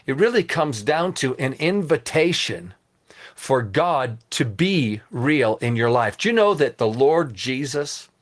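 A man's voice: mid-range voice, sing-song, measured pace. A man preaching as host of his own program, earnest and emphatic, teaching with rhetorical questions to his listeners. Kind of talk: sermon.

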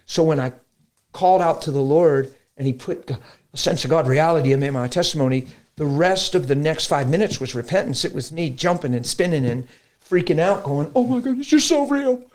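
Middle-aged male pastor, a bit high-voiced, preaches conversationally with acted-out quotes. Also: a little fast. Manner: animated storytelling, acts out quotes. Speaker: pastor guest.

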